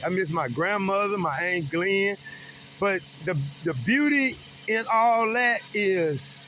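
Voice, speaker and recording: Middle-aged man, earnest and emphatic, high bright voice, faint vehicle noise behind. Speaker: vlogger. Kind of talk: personal talk about grief.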